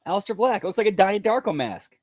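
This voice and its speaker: A man's voice: sits high, sing-song, fast talker, dry recording, clean studio sound. A man co-hosting a casual wrestling stream, giving short, offhand answers and chatting about music. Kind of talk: casual chat on a wrestling watch-along stream.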